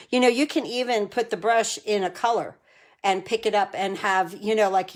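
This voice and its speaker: Woman, crafting demonstrator on a live stream, chatty and enthusiastic, talks viewers through each step. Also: medium pitch. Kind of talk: live card-making demo.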